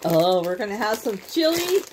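A woman's voice: medium pitch, sing-song, normal speed, noisy background. A Canadian woman chatting casually as she unpacks a gift package, gushing and laughing often. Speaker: vlogger opening a gift package. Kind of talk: casual unboxing chat. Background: crinkling bags and packaging.

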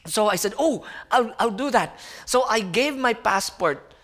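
Guy preaching, high voice, lively storytelling, keeps saying friends. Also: measured pace. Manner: animated, addresses listeners as friends. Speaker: guest speaker. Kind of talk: sermon storytelling.

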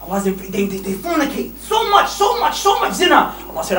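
A man preaching a lively sermon to young men, emphatic and animated, often laughing mid-sentence. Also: extremely high pitch, fast, hardly any pauses. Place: mosque hall. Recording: echoey hall, distant mic, faint hiss.

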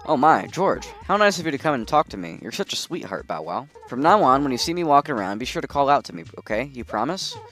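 A friendly female dog villager from a video game who pleads and sulks easily, read aloud by a man. The voice sits at a middle pitch and stays close to plain reading. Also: sing-song, fast, hardly any pauses, fairly bright tone, soft background music. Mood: pleading.

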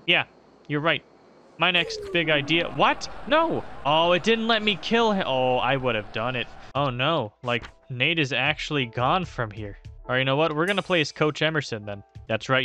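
A young man talks through a video game as he plays, in a casual, joking tone and with plenty of swearing. His voice is mid-pitched for a man. Faint music plays underneath. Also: sharp tone. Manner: profane, joking running commentary. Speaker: gaming YouTuber. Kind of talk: casual let's-play commentary.

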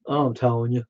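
A man's voice: mid-range voice, a little mellow. A man hosting a live stream, chatting casually with viewers in a rambling, friendly way full of fillers and repeats. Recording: dull lo-fi stream audio.

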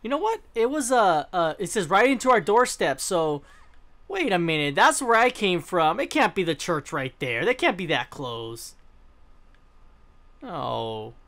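A man's voice: sits high, very animated, unhurried, a bit bright. A young man giving casual let's-play commentary, rambling, swearing freely and often trailing off mid-thought. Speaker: gaming channel host.

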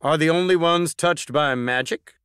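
A man's voice: a little high, normal speed, fairly bright tone, clear, resonant tone, no echo, clean studio sound, lightly acted. A man voicing a hearty, boisterous older president in a storybook podcast. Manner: boisterous, declamatory.

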